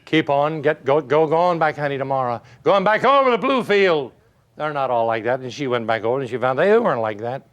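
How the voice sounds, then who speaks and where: A motivational speaker delivers a folksy pep talk packed with rhetorical questions and stories. His voice sits mid-range with a fairly bright tone, and he speaks briskly and with animation, keeping everything emphatic.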